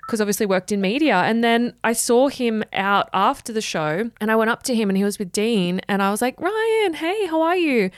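A woman's voice: medium pitch, a little fast, few pauses, dry recording, studio quality. A woman hosting a casual interview, chatty and gossipy, swearing casually. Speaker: podcast host.

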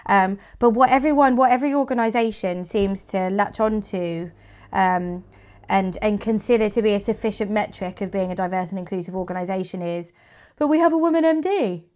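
A woman's voice: mid-range voice, steady tone, brisk, a little mellow. A woman speaking as an interview guest about her work in marketing, frank and opinionated, with many fillers. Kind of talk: casual interview talk.

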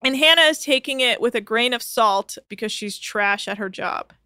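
A woman's voice: a little high, normal speed, sharp tone, smooth, no room sound, studio quality. A woman co-hosting a podcast who chats casually and retells a TV episode, quoting the people in it. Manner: chatty storytelling, quotes people. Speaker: podcast co-host. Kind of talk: casual recap chat.

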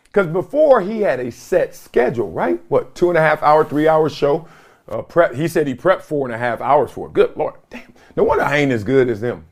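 A man riffing alone into a camera in his basement, his pitch set a little high and swinging widely as he jumps between points. He talks in loose slang and breaks into laughter between thoughts. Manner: animated, slangy, laughs often. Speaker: podcast host. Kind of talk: casual solo commentary. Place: home basement. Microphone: video camera or phone.

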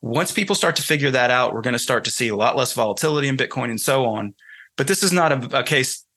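A man's voice: medium pitch, animated, quick pace, sharp tone. A man with a Southern accent from North Carolina, a guest author explaining his ideas in a thoughtful, storytelling way during an interview. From North Carolina, USA. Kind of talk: conversational interview.

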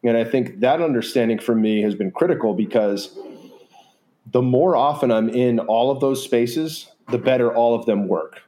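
A man's voice: mid-range voice, normal speed, warm tone. A man talking in a casual, earnest way as a podcast guest, rambling with many fillers. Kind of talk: casual reflective conversation.

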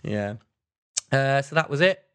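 A man's voice: mid-range voice, animated, a little slow, fairly bright tone, clear, resonant tone. A man co-hosting a casual podcast chat, telling a long story with frequent restarts and fillers. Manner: rambling storyteller, many restarts and "like"s. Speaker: podcast co-host.

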